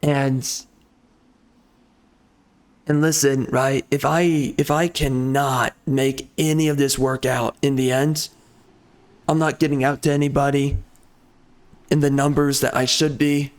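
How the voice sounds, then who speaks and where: A man's voice: mid-range voice, little pitch movement. Frustrated man ranting, swearing. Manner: angry, profane, halting restarts. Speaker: gaming channel host and author. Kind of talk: frustrated rant over gameplay.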